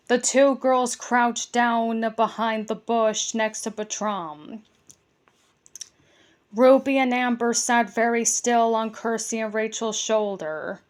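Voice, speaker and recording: Slow, gentle bedtime storyteller woman. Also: a little high.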